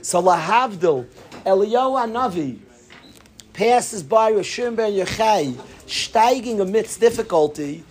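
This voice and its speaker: A man giving a lively Torah talk, telling a story and mixing in Yiddish and Hebrew words. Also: sits high, measured pace.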